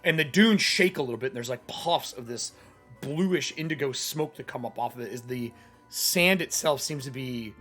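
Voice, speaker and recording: A man's voice: medium pitch, moderate pace, fairly bright tone, faint music behind. A man narrating as game master of a tabletop game, talking casually and swearing freely.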